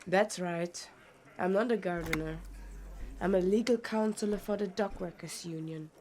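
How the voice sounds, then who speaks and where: A man's voice: high-pitched, moderate pace, darkish tone, voice pushed up. A man voicing a stern, cold woman who is a union lawyer in a game, speaking in a clipped, guarded way.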